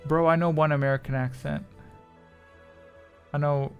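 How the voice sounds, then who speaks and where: Rambling streamer man, gravelly voice. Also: fairly high pitch, steady tone, moderate pace, highs cut off, faint music behind. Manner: rambling, self-deprecating, wandering thoughts. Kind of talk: casual livestream chat.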